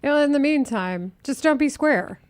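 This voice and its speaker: A woman from Texas hosting a sports radio show in a studio, chatting in an animated way and reading breaking news. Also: high voice, normal speed. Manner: animated, reads sponsored news.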